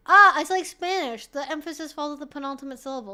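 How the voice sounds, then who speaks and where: A woman's voice: high voice, animated, brisk, pushed and bright. A woman hosting a live stream, answering viewer questions in a casual, chatty way. She swears freely, fills her talk with "like", and laughs often between remarks.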